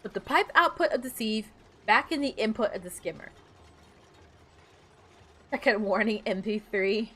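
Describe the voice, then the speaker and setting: A woman's voice: fairly high pitch, animated, moderate pace, long pauses, bright, forceful tone. A woman streaming a game, chatting casually, muttering to herself and breaking into playful outbursts.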